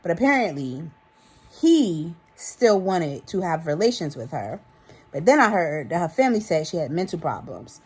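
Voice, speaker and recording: A woman in her thirties talks straight to her viewers with a New York accent, chatty and animated. Her voice sits a little low for a woman. She sounds loose and a bit tipsy, calling the audience y'all as she rambles through her thoughts. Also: moderate pace, husky. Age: 30s. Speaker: vlogger. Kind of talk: casual chat to camera.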